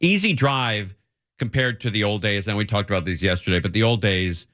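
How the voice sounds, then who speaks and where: A middle-aged man hosting a live radio show, talking in a relaxed, rambling way with lots of fillers. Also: lowish voice, fairly quick. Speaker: radio host. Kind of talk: casual radio chat and live announcements.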